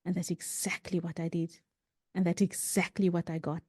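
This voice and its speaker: A woman's voice: on the low side, flat delivery, moderate pace, warm tone, slightly rough, no echo, studio quality. A woman guest on a podcast, telling stories earnestly in a casual conversation, often adding "you know" and restarting her sentences.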